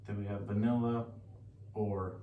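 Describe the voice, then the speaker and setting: A man giving a relaxed, chatty recorded lesson, often pausing and correcting himself. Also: fairly low pitch, phone-quality sound. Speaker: teacher. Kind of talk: casual recorded lecture. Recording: echoey room, distant mic, faint hiss.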